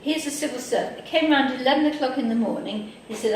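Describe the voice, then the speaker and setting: Higher-voiced English woman in an echoey hall. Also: quick pace. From England. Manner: lively anecdotal, acts out quoted people. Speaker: workshop speaker. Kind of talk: storytelling workshop talk. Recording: echoey hall, mic far off, faint noise.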